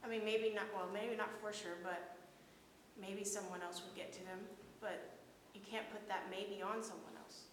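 A woman speaking hesitantly and softly in a casual group discussion. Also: medium pitch, steady tone, normal speed, slight background noise. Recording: echoey room with long reverb.

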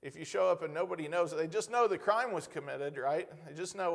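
A man preaching a conversational sermon, asking the congregation rhetorical questions and reading scripture slowly with emphasis. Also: on the high side, creaky.

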